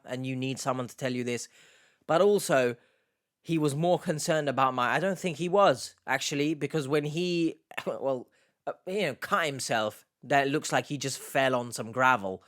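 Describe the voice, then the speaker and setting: A man's voice: mid-range voice, a bit bright. A man hosting a reaction video, commenting casually with sarcastic, mocking asides.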